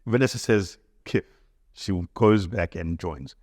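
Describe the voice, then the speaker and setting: A man, a radio host being interviewed, telling his career story in a lively way and acting out the people he quotes. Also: deep voice, measured pace, dry recording, studio quality. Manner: lively, acts out quoted dialogue.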